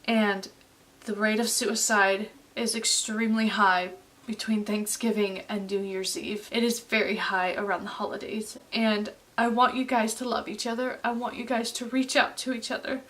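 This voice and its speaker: A woman's voice: medium pitch, little pitch movement, a bit bright. Earnest young woman, slightly distant mic. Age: late 20s. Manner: earnest, halting, heartfelt. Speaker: vlogger. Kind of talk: emotional personal vlog.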